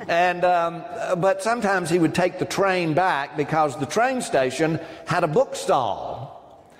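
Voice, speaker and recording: A man's voice: on the high side, animated, unhurried. A man giving an academic lecture to a live audience, discursive, with frequent ums and asides to his listeners. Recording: long reverb of a lecture hall.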